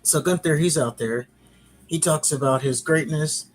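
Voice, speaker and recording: A man's voice: a little high, measured pace, slight background noise. A man hosting a podcast, giving a casual, rambling recap with frequent restarts. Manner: rambling, chatty retelling with restarts. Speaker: podcast host.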